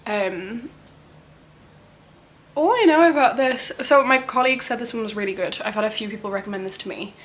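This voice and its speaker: A book vlogger, a young woman, speaks briskly in a slightly high voice. She rambles casually about books she intends to read, peppering her talk with "um" and "like."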